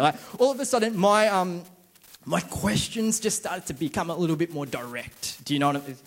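A young man, preaching a casual, chatty, self-deprecating sermon and acting out inner voices. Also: high voice.

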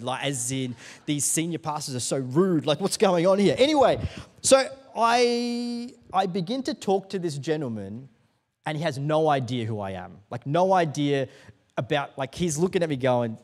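Man, pastor preaching, storytelling turning emphatic, slightly high voice. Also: expressive, normal speed. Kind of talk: sermon.

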